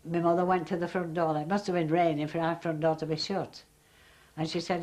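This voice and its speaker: Low-voiced older woman telling a story. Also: flat delivery, fairly quick, a little mellow. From Britain. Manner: acts out quoted dialogue, chatty. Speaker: interviewee recalling childhood. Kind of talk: anecdotal storytelling.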